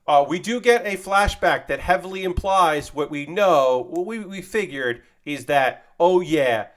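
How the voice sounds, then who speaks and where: A man streaming while he builds a model kit, casually chatting and retelling an anime episode in a rambling, animated way. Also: fairly high pitch, measured pace.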